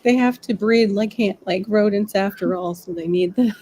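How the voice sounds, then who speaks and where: A woman's voice: medium pitch, normal speed, mellow, a little hiss or hum. A woman chatting playfully with friends on an online panel. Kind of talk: casual chat.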